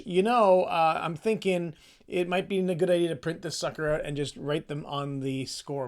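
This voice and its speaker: A man leading a casual singing lesson, chatty and self-deprecating, explaining the score and singing short phrases to demonstrate. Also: a little high. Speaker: choir practice leader.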